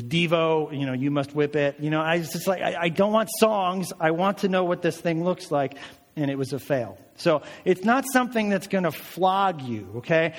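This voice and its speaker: A man preaching a sermon, telling the story in a conversational, animated way and asking many rhetorical questions. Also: a little high, big-room sound. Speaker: pastor.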